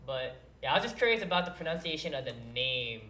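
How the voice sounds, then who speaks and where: Male stream host, bright and pushy tone, muses aloud as he plays; echoey room. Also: fairly high pitch, sing-song, fast, slight background noise. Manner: curious, thinks aloud while playing. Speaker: livestream host. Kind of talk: casual gameplay chat. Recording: roomy echo.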